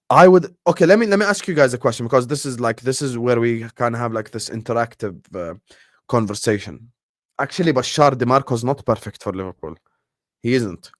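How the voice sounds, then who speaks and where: A man's voice: medium pitch, no echo, studio quality. Emphatic slangy man streaming. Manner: emphatic and repetitive, slangy, addresses viewers directly. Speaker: football channel host. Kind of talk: live-stream commentary and chat.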